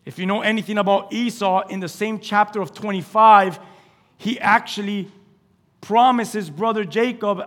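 A male pastor preaching a sermon, telling scripture stories with animated acted-out dialogue, swinging between loud exclamations and hushed asides. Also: high voice, moderate pace. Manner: animated storytelling, acting out scripture scenes.

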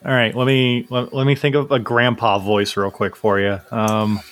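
A man's voice: medium pitch, little pitch movement, moderate pace, a bit bright. Laid-back male tabletop game host. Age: adult, married. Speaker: game master and show host. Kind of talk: podcast outro and casual tabletop chat.

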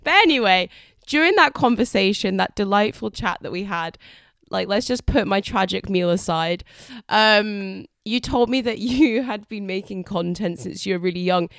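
A woman's voice: medium pitch, animated, moderate pace, a bit bright, no echo, clean studio sound. A woman with an English accent, hosting a podcast and chatting in a self-deprecating, giggly way. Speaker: podcast host, comedian. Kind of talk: casual podcast chat.

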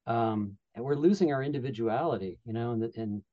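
A man's voice: mid-range voice, fairly quick, dark tone. A man in the audience speaks hesitantly, searching for his words between plenty of fillers. His voice comes through a dull, lo-fi pickup. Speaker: audience member asking a question.

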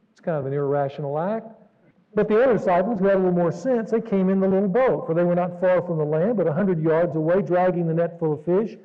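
A man pastor delivering an earnest, dramatic sermon, jumping between raised exclamations and hushed asides. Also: high-pitched. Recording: dull recording in a reverberant hall.

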